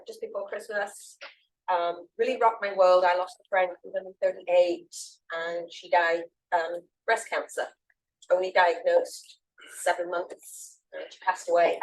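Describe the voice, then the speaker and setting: A woman sharing at an office meeting, halting and emotional, choked up as she speaks. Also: lowish voice, poor audio. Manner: halting, emotional, restarts phrases. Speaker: agent at the meeting.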